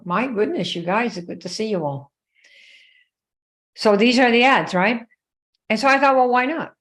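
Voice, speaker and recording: With a medium-pitched voice, a live stream host chats her way through a story, greeting viewers by name as she goes. When she quotes people, she performs the dialogue herself.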